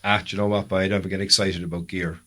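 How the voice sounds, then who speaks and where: Low-voiced Irish man spinning long stories. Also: flat delivery, fast talker, a bit bright. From Ireland. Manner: long rambling storytelling with self-corrections. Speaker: podcast co-host. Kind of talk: casual chat.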